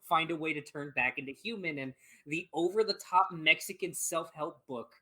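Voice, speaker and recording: A woman's voice: low voice, normal speed, bright, forceful tone, low-quality recording. A woman co-hosting a gaming podcast, retelling a game scene in casual chat, swearing freely and laughing as she goes. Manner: swears often, laughs while telling. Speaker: podcast co-host.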